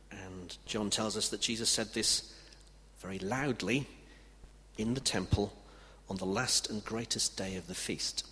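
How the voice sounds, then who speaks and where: A man preaching a sermon with emphatic delivery. He swings from loud declarations to hushed passages. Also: fairly low pitch, steady tone, a little slow. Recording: reverberant hall with faint background noise.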